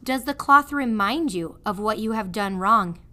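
A woman voicing a sly, smooth-talking male rat in a storybook read-aloud, soft, low and insinuating. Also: expressive, a little slow. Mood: coaxing.

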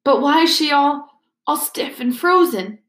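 Woman reader as a shrill old caretaker, shrieking, high-pitched, roomy sound. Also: animated, measured pace, fairly bright tone. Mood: shrill accusing. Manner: shrieking, spitting accusations. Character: shrill grief-stricken old male caretaker. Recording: roomy echo.

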